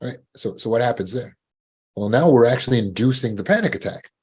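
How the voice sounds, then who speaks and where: A man's voice: mid-range voice, animated, brisk, a little mellow, slightly rough. A man coaching listeners about panic, in a teaching talk, who acts out anxious inner voices in a rising tone and repeats words as he restarts. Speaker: trauma recovery coach.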